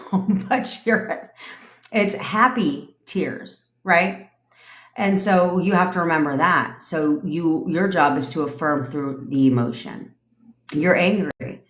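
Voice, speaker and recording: A middle-aged woman with a low voice coaches her listeners in a casual livestream rant. She is blunt and profane, swearing as she goes. Her voice rings in an echoey room. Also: slow. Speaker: manifestation coach.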